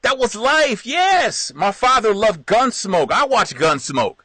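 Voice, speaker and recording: A man's voice: high-pitched, slow, slightly rough, dry recording. A middle-aged man hosting a stream, reminiscing in a rambling, casual way with frequent laughs and restarts. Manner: rambling, lively, laughs often, restarts a lot. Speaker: live stream host.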